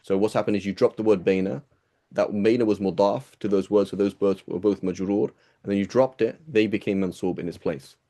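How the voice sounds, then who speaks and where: A male teacher talks quickly through a reading with his students, chatty and digressive, often checking in with rhetorical questions. His voice sits fairly low and sounds mellow and dark. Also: fairly even intonation. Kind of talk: casual classroom reading and explanation.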